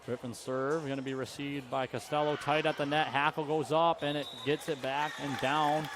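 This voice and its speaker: A young man calls a high school volleyball match in a brisk play-by-play manner, catching and correcting his own slips. His voice sits a little high. A faint hum of gym noise runs underneath. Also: level tone. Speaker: play-by-play commentator. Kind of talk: high school sports commentary. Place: school gymnasium.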